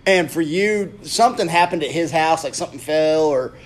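A man's voice: fairly high pitch, moderate pace. A man co-hosting a podcast in casual chat, chiming in and keeping the show moving. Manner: easygoing, chimes in and keeps time. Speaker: podcast co-host.

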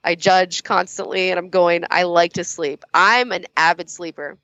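A woman's voice: lowish voice, steady tone, normal speed, a bit bright, no echo, highs cut off. A woman being interviewed as a guest judge, talking candidly, laughing often and swearing casually.

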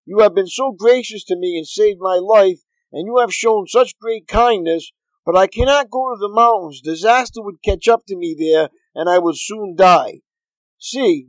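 A man's voice: high-pitched, no echo, pitched above the performer's own voice, rough recording. A man reading aloud as a frightened man begging for mercy, his voice rising as he pleads.

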